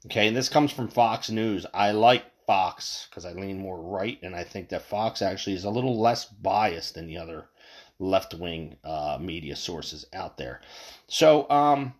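A man's voice: low voice, expressive, a little slow. A man hosting his own show, ranting in a casual, heated way, swearing often and stammering over repeated words. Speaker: podcast host. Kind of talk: casual opinion rant.

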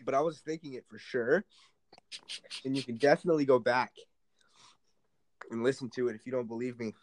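A young man co-hosting a podcast, chatting in a relaxed, teasing way. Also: medium pitch, brisk, dry recording. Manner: laid-back teasing banter. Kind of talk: casual chat.

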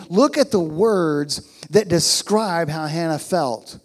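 A man's voice: fairly high pitch, slow pace. A man preaching a sermon as pastor, emphatic and repeating his key phrases.

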